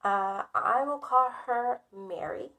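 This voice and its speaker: A woman's voice: a little high, slow, vocal fry, bright, forceful tone. Woman vlogger, dramatic storyteller who pokes fun at herself. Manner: dramatic and self-mocking, laughs often. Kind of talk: casual storytime.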